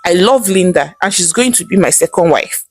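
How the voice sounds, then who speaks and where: A woman with a Nigerian accent voicing a bewitched grown son who talks in a flat, mechanical way. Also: fairly low pitch, a little fast, slightly rough, no echo. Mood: dazed. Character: spellbound grown son, blank and obedient.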